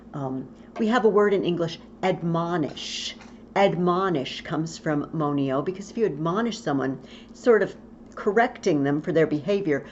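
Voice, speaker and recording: Female teacher, unhurried and patient, drilling verb forms for students; muffled home-video sound. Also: fairly low pitch, darkish tone. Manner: patient, slow, spells out endings and repeats forms. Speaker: Latin teacher. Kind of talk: recorded video lesson. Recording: dull lo-fi audio with faint hiss.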